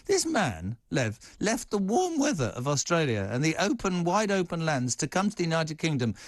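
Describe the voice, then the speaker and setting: An older man in his sixties presenting a talk radio show from a studio, jokey and excitable in rapid-fire banter. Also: fairly high pitch, no room sound. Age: 60s.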